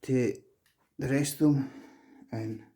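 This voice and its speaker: A middle-aged man on a ghost hunt, asking slow, coaxing questions to an unseen presence inside an old castle. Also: medium pitch, steady tone, warm tone. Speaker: paranormal investigator.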